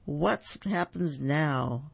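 A man's voice: fairly high pitch, very slow, gravelly, breathy edge, no echo, muffled recording, exaggerated voice. A man reading aloud, voicing Goldilocks as a curious, cheerful little girl in a raised, exclaiming voice. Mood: worried.

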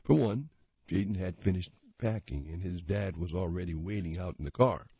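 A man with a low, husky, mellow voice reads a magazine story aloud at a plain, unhurried pace. The recording is dull and lo-fi, and the room is dry. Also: no echo. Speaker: reader.

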